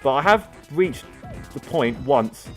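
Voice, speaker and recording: A man's voice: mid-range voice, expressive, slow, fairly bright tone, soft background music. A young man, chatting in rambling casual let's-play commentary while he plays. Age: young adult. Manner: rambling chatty storytelling, many fillers. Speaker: gaming video host.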